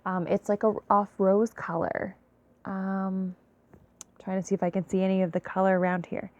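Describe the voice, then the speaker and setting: A tired woman giving a late-night intuitive reading to her viewers, soft-spoken and apologetic. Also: medium pitch, little pitch movement, moderate pace, highs cut off. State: tired, yawning. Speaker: intuitive reader.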